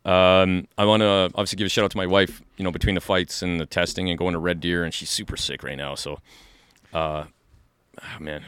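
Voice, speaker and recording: A man co-hosts a podcast in a studio, chatting casually with a rambling, enthusiastic manner. His voice is low, and his words come out quickly. The sound is dry, with no room echo. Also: little pitch movement, a bit bright, clean tone. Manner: rambling, enthusiastic, full of fillers and restarts. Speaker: podcast co-host. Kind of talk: casual chat.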